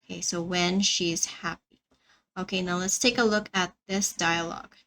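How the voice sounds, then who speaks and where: A woman teaching a beginner English lesson, slowly and carefully repeating words for learners. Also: lowish voice, steady tone, sharp tone, a little hiss or hum, low-quality recording.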